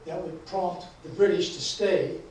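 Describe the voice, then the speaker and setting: A man, an author, talks casually and haltingly about his book at a lecture event. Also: high-pitched, steady tone, darkish tone. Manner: hesitant, many fillers. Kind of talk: book talk and reading. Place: lecture hall. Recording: echoey hall, mic from far off, faint noise.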